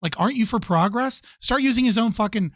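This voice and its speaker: A man's voice: sits high, a little fast, no echo. Blunt, profane man on a dry mic. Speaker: streamer reacting to a debate clip. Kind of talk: casual live commentary.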